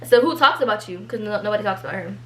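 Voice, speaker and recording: A teenage girl, telling a storytime vlog and reading out an argument, animated and exasperated. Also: mid-range voice, slight background noise. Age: teens. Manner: animated, exasperated, quick asides. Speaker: vlogger.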